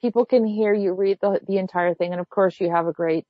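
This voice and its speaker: A woman's voice: medium pitch, steady tone, fairly quick, no room sound. A woman hosting a casual conversation, meandering with fillers. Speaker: host. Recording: dull, dry lo-fi recording.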